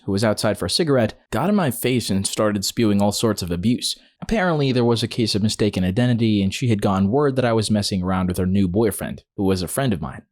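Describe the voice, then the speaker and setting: A man's voice: lowish voice, a little mellow. A man narrating a series of online stories in a scripted read-aloud style, speaking quoted lines in his own voice. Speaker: story narrator.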